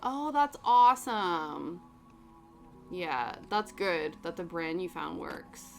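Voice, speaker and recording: A woman's voice: fairly low pitch, animated, slow pace, gravelly. A young woman chatting casually while she cross stitches on a stream, rambling through stories and answering chat. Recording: background music under voice.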